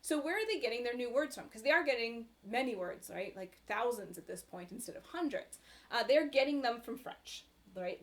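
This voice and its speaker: A woman's voice: a little high, a little hiss or hum. A woman giving a recorded university lecture in a conversational way, with frequent fillers and "right?" tag questions.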